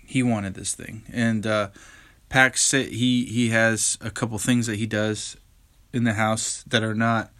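A man's voice: lowish voice, level tone, measured pace, fairly bright tone. A young man hosting his own podcast, chatting casually and candidly about his week, tired and yawning, rambling with lots of fillers and restarts. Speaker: podcast host. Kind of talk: casual solo podcast chat.

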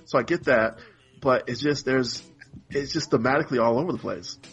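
A man's voice: mid-range voice, a little fast, fairly bright tone, muffled recording, faint music behind. A man co-hosting a podcast in casual chat, rambling and exasperated, acting out characters in mock voices. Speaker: podcast co-host.

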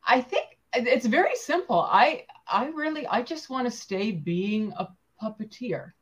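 A woman's voice: fairly high pitch, animated, unhurried. A woman puppeteer talking casually in an interview, full of fillers and restarts. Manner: chatty, with many fillers and restarts. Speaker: puppeteer guest.

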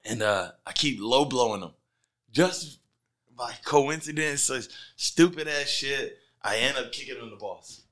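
A middle-aged man on a casual podcast, telling his fight stories with animated energy and plenty of swearing. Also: medium pitch, moderate pace. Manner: animated storyteller, heavy swearing.

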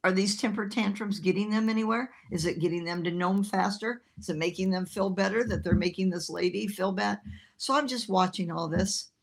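A woman minister telling an animated personal story in a sermon, laughing as she talks. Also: medium pitch, brisk, vocal fry.

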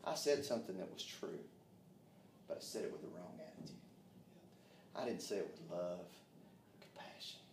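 A man's voice: deep voice, animated, moderate pace, vocal fry, long pauses, a little mellow, a little hiss or hum. A man preaching a sermon in a folksy, fervent way, with frequent amens. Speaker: pastor. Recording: roomy echo, distant from mic.

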